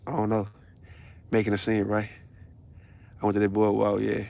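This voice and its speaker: A man, ranting on a casual livestream in a blunt, profane, animated storytelling way. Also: on the low side, moderate pace, vocal fry. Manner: blunt, confrontational.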